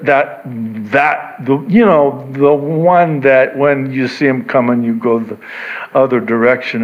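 A man preaches to his congregation in a loose, conversational way, his voice leaping high whenever he acts out what people say. He stops for asides and then comes back to his point. The recording sounds dull and lo-fi. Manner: animated, acts out quoted voices with sudden pitch jumps; conversational, self-interrupting with asides. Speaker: pastor. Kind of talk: sermon.

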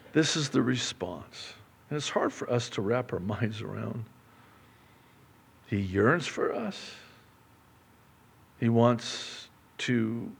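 A man's voice: medium pitch, gravelly, husky. A man from the Middle East preaching a sermon with passion, acting out the story in character voices. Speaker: pastor.

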